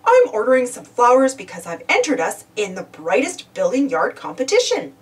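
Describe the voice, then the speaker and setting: A woman reads as a kindly storybook builder, a cheerful hardworking man who speaks patiently. The voice is high and lively, recorded a bit away from the mic. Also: moderate pace, distant mic.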